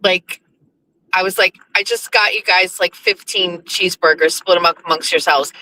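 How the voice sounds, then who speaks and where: A woman's voice: lowish voice, fairly even intonation, moderate pace, bright, forceful tone, poor audio. A woman hosting a show, telling a casual story in a chatty, profane way full of fillers. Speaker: radio show host.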